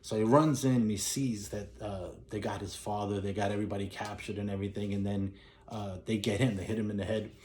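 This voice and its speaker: A man's voice: lowish voice, fairly even intonation, a little fast, darkish tone. A man casually retelling a film plot, rambling with fillers and restarts as he goes. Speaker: movie reviewer. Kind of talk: casual movie recap.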